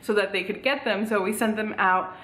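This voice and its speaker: This is a casual vlog chat from a young female vlogger who sounds out of breath, talking bubbly and rambling with lots of "like" and "um." Her voice is medium-pitched, fairly quick and a bit bright. She's on a tripod camera at home in a room with echo.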